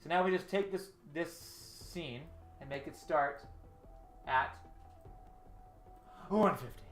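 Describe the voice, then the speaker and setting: A man with a slightly high voice takes his time as he hosts a casual livestream, thinking aloud while storyboarding and chatting with viewers in a self-deprecating way. The recording has a roomy echo, with faint game music in the background.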